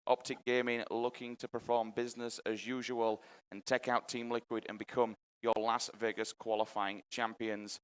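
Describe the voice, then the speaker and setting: A man doing live play-by-play commentary at an esports event, energetic and hyping up the crowd. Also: medium pitch, normal speed, clear, resonant tone. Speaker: esports caster.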